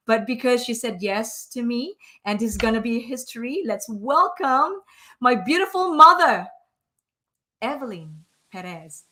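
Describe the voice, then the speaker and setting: A woman's voice: on the high side, fairly bright tone. A woman, hosting a live online show in an effusive, emotional way with many fillers. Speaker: host.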